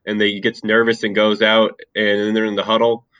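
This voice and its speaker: A man with a low but bright, forceful voice talks about an old movie in a relaxed way, with plenty of fillers. The recording sounds a bit dull and lo-fi. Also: fairly quick. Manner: relaxed and talkative, with many fillers. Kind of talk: casual chat.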